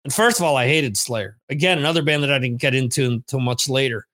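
Speaking fast in a medium-pitched, fairly bright voice, this podcast host answers listener questions in a casual monologue. His stories wander and are laced with frequent cursing, captured on camera for a streamed video.

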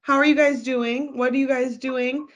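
A woman's voice: high voice, steady tone, normal speed. A young woman with a Midwestern accent co-hosting a podcast in casual chat, blunt and swearing freely. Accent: Midwestern American. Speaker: podcast co-host.

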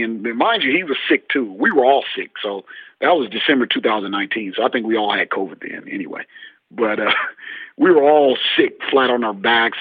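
A basketball coach in an interview, telling stories and acting out what people said. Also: male voice, medium pitch, dry recording. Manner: animated storyteller, acts out dialogue. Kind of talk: interview storytelling. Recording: husky, tinny phone-like line.

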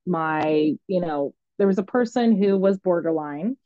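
A woman counselor in her thirties telling her story in a candid, lively, casual way, often acting out what others said. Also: lowish voice, a little slow, no echo. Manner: lively, candid, acts out quoted voices. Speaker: licensed mental health counselor. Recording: dry, slightly dull sound.

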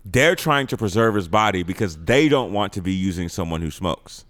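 A man co-hosting a podcast, laying out his reading of a film in a thoughtful, measured way. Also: sits low, lively intonation, fairly bright tone. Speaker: podcast co-host. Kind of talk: casual movie discussion.

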